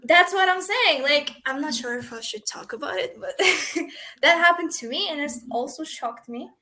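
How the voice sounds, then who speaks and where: Young woman from Kazakhstan, twenties, slightly high voice, animated storyteller, English. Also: moderate pace. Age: 20s. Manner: animated, laughing, acts out quoted exchanges; non-native English, frequent "like" fillers. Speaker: guest. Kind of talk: casual interview storytelling.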